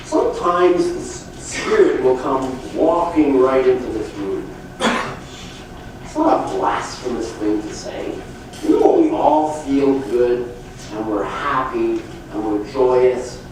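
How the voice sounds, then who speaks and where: A middle-aged man giving a motivational sales talk at a conference, telling folksy, animated stories. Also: high-pitched. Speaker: sales trainer speaking at a conference. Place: conference hall. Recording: echoey hall from far off with faint noise.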